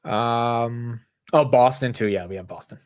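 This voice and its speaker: A young male streamer covers the stock market in a smooth, unhurried, medium-pitched voice. Even so, he's animated and rambling, with plenty of "dude" and "bro" sprinkled in.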